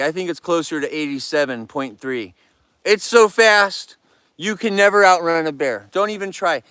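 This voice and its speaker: His voice is a little high and sharp yet clean, recorded at studio quality with no echo. He's a livestream host in his yard, bantering and joking casually with the people watching.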